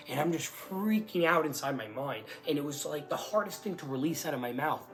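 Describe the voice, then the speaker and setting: A young man giving a casual spoken testimony, rambling with lots of "like" and restarts, and bursting into excitement as he relives moments. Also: a little high, a little fast, faint music behind. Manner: rambling storytelling full of "like" and restarts.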